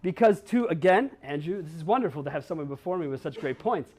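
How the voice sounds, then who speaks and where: A man's voice: fairly high pitch, expressive, fast talker, darkish tone, slightly rough. A man from Wisconsin giving a blunt, joking conference talk and swearing now and then. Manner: blunt, swears, jokes with audience. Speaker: conference speaker. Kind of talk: keynote talk. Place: conference hall.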